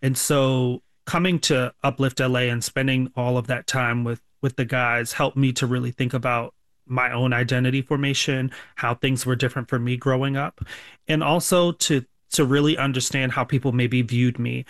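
A man from the US answering interview questions as a sociology professor, thoughtful and measured, sometimes restarting phrases. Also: medium pitch, steady tone, a bit bright, no echo, studio quality.

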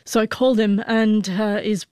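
Softly stuttering woman recalling a friend. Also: mid-range voice, steady tone, moderate pace, clean tone, no echo, clean studio sound. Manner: stutters with repeated sound blocks. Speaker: guest, author. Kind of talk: emotional personal recollection.

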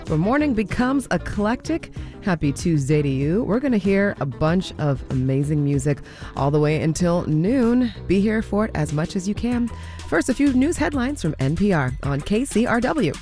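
An upbeat, bubbly woman hosting a music radio show, with a slightly low voice. Faint music plays under her studio mic. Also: sing-song, normal speed, a little mellow. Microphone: studio microphone.

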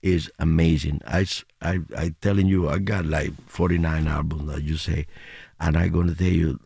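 An older man who grew up speaking tells stories animatedly in a radio interview, often laughing and jumping up into high acted quotes. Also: steady tone, moderate pace, creaky, darkish tone, breathy edge, no echo, studio quality. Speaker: interview guest, musician.

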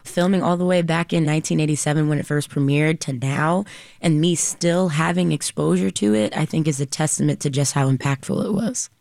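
A woman's voice: sits low, fairly quick, creaky, a little mellow, no echo, clean studio sound. A young actress speaking animatedly and sassily about her character and the show. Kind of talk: interview.

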